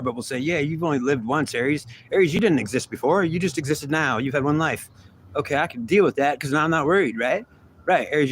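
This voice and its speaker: A man's voice: mid-range voice, fairly bright tone, slight background noise. A man giving a monthly astrology reading in an intense, rambling, dramatic manner, acting out imagined dialogue. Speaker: astrology reader. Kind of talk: monthly tarot reading monologue.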